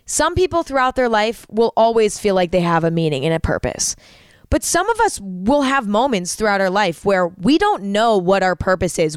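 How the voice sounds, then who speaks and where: A woman's voice: mid-range voice, clean tone, no echo, clean studio sound. A woman hosting a solo podcast, talking candidly and reflectively, swearing freely and checking in with "right?" and "you know?". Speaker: podcast host. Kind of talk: casual solo podcast talk.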